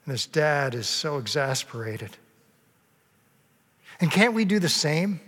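A man delivers a sermon with a fairly high voice, earnest and storytelling, now and then slipping into the voices of the people in his story. His words ring out with a long reverb, as if in a large church sanctuary. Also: big pitch swings, a little slow, fairly bright tone. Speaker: pastor.

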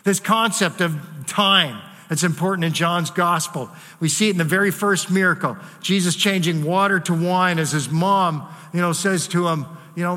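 Male pastor preaching earnestly, high bright voice, echoing hall. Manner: earnest preaching with dramatic pauses and softened quotes. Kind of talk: sermon.

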